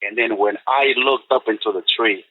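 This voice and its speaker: A man's voice: lowish voice, moderate pace. A man in his seventies, a podcast guest, tells a personal story in a rambling way, full of "you know" and restarts. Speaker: guest recounting an encounter. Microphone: telephone. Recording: tinny dry phone line.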